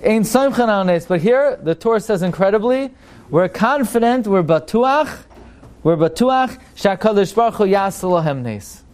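A man with a fairly high voice teaches a religious class, throwing out rhetorical questions. He gets more animated and climbs in pitch as his points build. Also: normal speed. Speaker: Torah teacher. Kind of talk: lively religious lecture.

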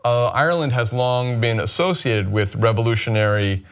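A man's voice: medium pitch, normal speed, clean tone. Rambling male host of a panel show. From United States. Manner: rambling, frequent restarts. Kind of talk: casual panel chat.

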